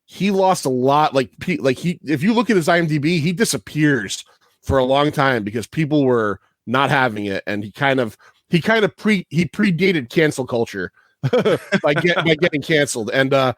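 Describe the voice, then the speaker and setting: A podcast host, a man, rambles through his trivia in loose, profane chat and laughs at his own asides. His voice sits at a middling pitch. The recording is dry and close, with no room sound at all. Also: animated, normal speed, fairly bright tone, dry recording.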